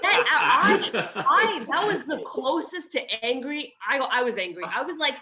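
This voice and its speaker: A woman who is a guest on a podcast, telling her side of a strategy game in an animated, emphatic way. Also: sits high, normal speed, over a noisy crowd. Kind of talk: casual chat recapping an online strategy game.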